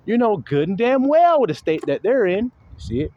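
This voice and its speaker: A man's voice: high-pitched, sing-song, moderate pace. A man preaching in a heated, profane commentary style. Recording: dull lo-fi recording, faint noise.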